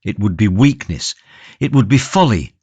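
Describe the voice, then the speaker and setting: A man's voice: on the low side, expressive, moderate pace, darkish tone, breathy edge, dry recording. A man playing a brooding, impassioned prisoner. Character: passionate imprisoned young tulip grower, brooding and stoic. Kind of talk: audiobook character reading.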